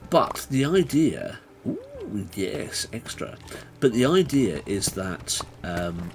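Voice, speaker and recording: Male streamer, chatty, animated pitch, erupts into taunts. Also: slow pace, background noise. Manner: chatty, bursts into excited taunting yells. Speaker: game streamer. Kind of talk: live gaming stream commentary.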